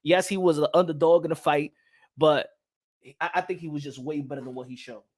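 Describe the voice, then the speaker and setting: A man hosting a casual boxing live stream, talking animatedly, repeating himself and shouting out chat viewers. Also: a little high, fairly even intonation, brisk. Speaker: boxing channel host.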